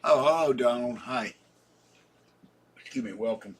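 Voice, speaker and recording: A drowsy man in his seventies talks to his live-stream viewers with a husky, slightly breathy voice. His pitch sits in an ordinary middle range, and he rambles on, yawning and sleepy, in a loose chatty way. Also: measured pace. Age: 70s. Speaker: channel host. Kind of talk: casual live-stream chat.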